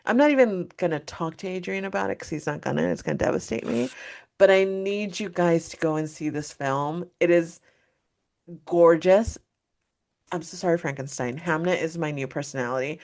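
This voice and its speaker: A woman co-hosting a casual pop culture podcast, gushing and animated, swearing freely as she tells a story. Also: on the low side, moderate pace, gravelly. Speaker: podcast co-host.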